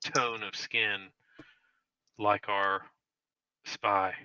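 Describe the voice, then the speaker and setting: A man voicing a watchful adventurer in a tabletop game, speaking in a formal, measured way. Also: on the low side, fairly even intonation, sharp tone, smooth, full character voice. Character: watchful adventurer scouting for a spy. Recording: dull lo-fi mic.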